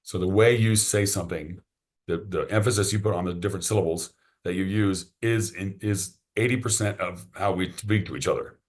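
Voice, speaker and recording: Low-voiced man talking enthusiastically. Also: steady tone, brisk. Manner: enthusiastic, rambling, repeats words when starting sentences. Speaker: podcast guest. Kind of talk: casual podcast conversation.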